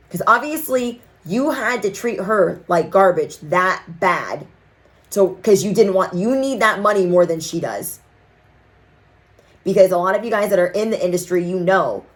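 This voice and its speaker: Tarot reader vlogger: young adult woman, slightly low voice, lively slangy talk to the camera. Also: normal speed. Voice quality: animated, slangy storytelling. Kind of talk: casual chat to viewers.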